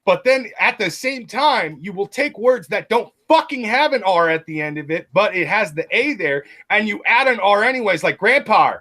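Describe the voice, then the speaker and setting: Guy ranting on stream voice chat, kinda high voice, swoops around a lot, curses. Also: lively intonation, normal speed, hardly any pauses, pushed and bright. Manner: ranting, swearing. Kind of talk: casual stream banter.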